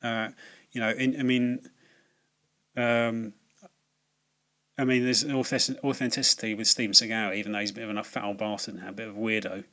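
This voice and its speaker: A man's voice: on the low side, little pitch movement, a little fast, long pauses, sharp tone. A man giving a casual, rambling film review, full of fillers, restarts and swearing.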